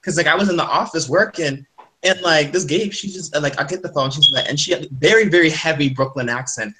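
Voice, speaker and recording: A young man hosting a casual chat, rambling and laughing with animated retold quotes. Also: a little high, quick pace, noisy background. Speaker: host.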